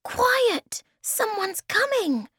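Woman playing tiny timid storybook creatures, very high, slow, muddled speech, dry sound. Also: big pitch swings, sharp tone, no room sound, full character voice. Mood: squeaky. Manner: slow, high, squeaky, mixes up word sounds.

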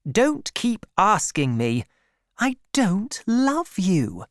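A reader, likely a man, voicing a proud young woman farmer in a raised, lighter voice, speaking slowly and firmly. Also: high voice, huge pitch swings, no echo, studio quality, pitched above the performer's own voice, heavily acted. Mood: firm refusal. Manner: firm, slow and deliberate.

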